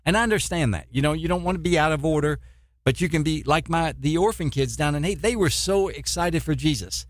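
A man's voice: on the high side, a little fast, no room sound, studio quality. A man preaching a sermon as a missionary, fervent, full of rhetorical questions and repeated words.

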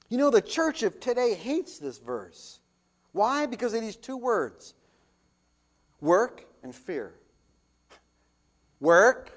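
A pastor with a high-sitting voice preaches a sermon, reading scripture and posing rhetorical questions. His delivery swells loudly for emphasis, then drops to a hush.

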